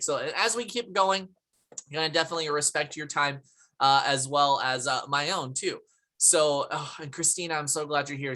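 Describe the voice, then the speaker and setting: A woman's voice: low-pitched, a bit bright. Chatty woman hosting a video call. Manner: chatty, laughs often, talks to viewers in the chat. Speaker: host of a product presentation on a video call. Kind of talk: upbeat live presentation with chat shout-outs. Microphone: computer mic on a video call.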